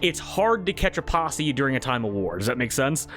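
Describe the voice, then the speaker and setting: A young man narrating as game master, relaxed and full of fillers. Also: medium pitch, a little fast, faint music behind.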